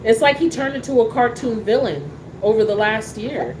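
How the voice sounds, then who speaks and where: A woman talks in a casual show, animated and sassy, full of fillers and restarts. Her voice sits a little high. A faint hum of room noise stays under it. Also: moderate pace. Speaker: soap opera talk show host. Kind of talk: casual chat reacting to a soap opera.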